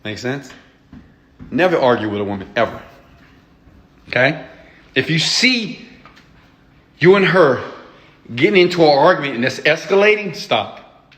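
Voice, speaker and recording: A man's voice: a little high, big pitch swings, measured pace, long pauses, fairly bright tone. A man who is an entrepreneur and mentor, lecturing his viewers bluntly and emphatically, swearing and checking in with "okay?". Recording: echoey room.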